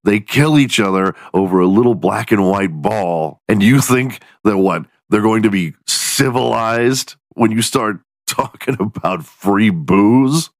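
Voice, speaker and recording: A man with a fairly low voice delivers a casual, profanity-heavy podcast rant. He jumps up high in pitch for sarcastic punchlines. The sound is dry and close, with no room echo. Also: unhurried, few pauses. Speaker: podcast host.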